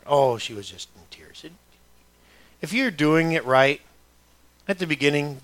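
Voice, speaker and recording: A man preaching a sermon in a fairly high voice. He moves from quiet, conversational asides to loud, emphatic preaching. The sound is dry and close, with no room echo.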